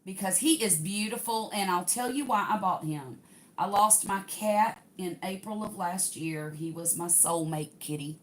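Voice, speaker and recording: A woman's voice: medium pitch, moderate pace. An older woman, chatting casually to livestream viewers while unboxing a craft kit.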